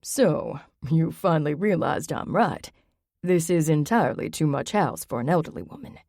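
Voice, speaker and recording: A woman's voice: sits low, animated, normal speed, gravelly, darkish tone, dry recording, clean studio sound, full character voice. Hostile bully of a man, threatening and tight-voiced, read by a woman narrator. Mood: blustering. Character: blustering, threatening middle-aged man.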